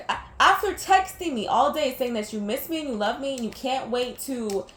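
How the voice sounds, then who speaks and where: A young woman with a fairly high voice rambles candidly while playing a game, swearing freely as she vents. Her voice echoes around a roomy space with a faint hiss of noise underneath. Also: very animated, moderate pace, hardly any pauses, fairly bright tone. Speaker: gaming vlogger. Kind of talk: casual gameplay chat mixed with personal venting.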